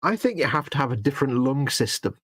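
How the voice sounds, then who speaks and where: A man's voice: mid-range voice, very animated, quick pace, fairly bright tone, husky, no echo. A man with an English accent co-hosting a casual live stream and telling stories with acted-out quotes. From Britain. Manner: chatty storyteller, acts out quotes. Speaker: co-host.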